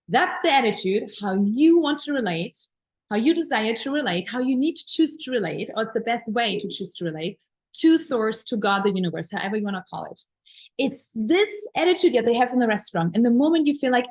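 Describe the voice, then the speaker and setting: Over poor-quality audio, a woman with a voice on the high side talks fast as she teaches manifestation. The coach is enthusiastic and earnest, gushing about gratitude and pleasure while repeating emphatic affirmations throughout this spiritual talk.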